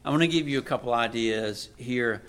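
A man preaching a sermon, moving from quiet asides to loud, emphatic readings of scripture. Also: medium pitch, fairly quick.

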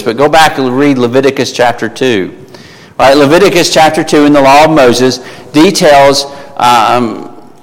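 A man teaches through scripture in a mid-range voice that sits neither high nor low. He talks casually and haltingly, circling back with fillers and restarts. The sound rings with a long reverb from a large room. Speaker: preacher. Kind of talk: Bible teaching sermon.

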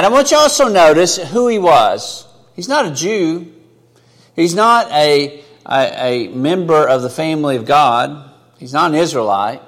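A man preaching a sermon in an earnest, conversational way, rising for emphasis and dropping low and quiet for asides. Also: big-room sound. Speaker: pastor.

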